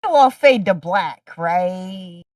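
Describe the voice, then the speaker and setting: A woman's voice: on the low side, lively intonation, slow, a little mellow, no room sound, distant mic. A woman co-hosting a livestream podcast, bantering playfully. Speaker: podcast co-host. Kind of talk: casual livestream chat.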